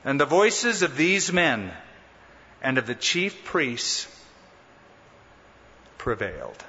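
A man's voice: fairly high pitch, lively intonation, pushed and bright. Emphatic male preacher in a big hall. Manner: emphatic, dramatic preaching with slow stressed words. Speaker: pastor. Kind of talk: sermon. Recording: muffled sound in a reverberant hall.

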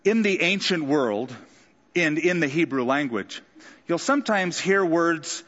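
Male pastor, slightly high voice, conversational sermon delivery, long hall reverb, dull sound. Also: lively intonation, a little slow, a bit bright. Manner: conversational preaching with dramatic quoted voices.

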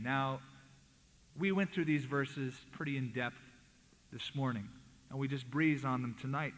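A man's voice: mid-range voice, unhurried, pauses often, big-room sound, rough recording. A man preaching a sermon, reading scripture aloud with emphatic rises and falls. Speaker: pastor.

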